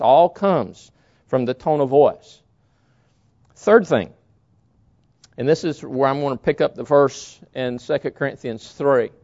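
A man's voice: medium pitch, darkish tone. A man preaching a sermon in an emphatic way, often acting out short quotes to make his point. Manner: emphatic, illustrating with acted quotes. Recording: dull lo-fi sound.

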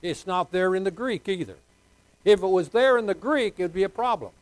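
An older man preaching a sermon, swinging between soft asides and loud emphatic points, with folksy jokes. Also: high-pitched, moderate pace, dry recording, low-quality recording. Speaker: pastor.

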